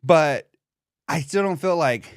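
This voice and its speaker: A young man in casual podcast chat who rambles on with plenty of swearing and fillers. His voice sits a bit high for a man. The sound is close and dry, with no room around it. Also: expressive, takes it slowly, no echo. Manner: rambling, profane storytelling with many fillers. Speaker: podcast co-host.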